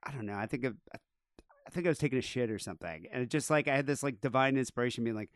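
A man's voice: medium pitch, fast talker, dry recording, clean studio sound. A man hosting a podcast in casual chat, with crude jokes and an offhand way of talking. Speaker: podcast host.

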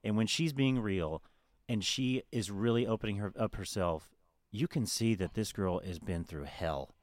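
A man's voice: on the low side, moderate pace, dry recording. A man co-hosting a podcast, chatting casually, swearing freely and quoting people in put-on voices. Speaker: podcast co-host. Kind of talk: casual chat.

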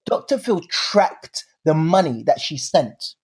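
A young man, co-hosting a podcast and telling stories in a lively, slangy way. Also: fairly high pitch, slow, breathy edge. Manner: animated storyteller, slangy. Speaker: podcast co-host. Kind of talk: casual chat.

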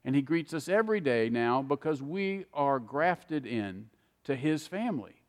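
A man preaching a sermon, repeating key words for emphasis with slow, deliberate phrasing. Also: mid-range voice, sing-song, big-room sound.

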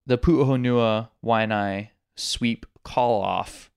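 Brief: male co-host, casual sarcastic news commentary, gravelly texture. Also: mid-range voice, a little fast, faint music behind. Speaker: podcast co-host. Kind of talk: casual political chat.

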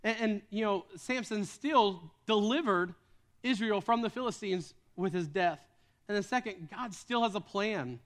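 A man's voice: high-pitched, measured pace, fairly bright tone. A young man preaching a sermon with earnest storytelling, often repeating words as he starts sentences. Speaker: pastor.

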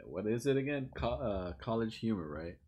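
Deep-voiced teasing man host. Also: lively intonation, moderate pace, a little mellow, breathy edge, lo-fi sound. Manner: teasing, laughing. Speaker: podcast host. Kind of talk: casual chat.

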